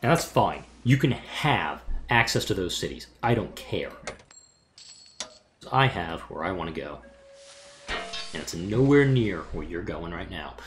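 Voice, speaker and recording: A man's voice: low voice, very animated, unhurried, long pauses, fairly bright tone, slight background noise. A man giving casual let's play commentary, thinking aloud and muttering to himself as he plans moves, with the odd mild swear.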